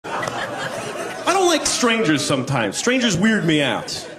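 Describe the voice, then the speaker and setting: A man's voice: sits high, wildly swooping pitch, takes it slowly. A man doing a stand-up set on a club stage, dry and wry in delivery. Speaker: stand-up comedian. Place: comedy club stage with live audience. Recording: live club recording with crowd and noise.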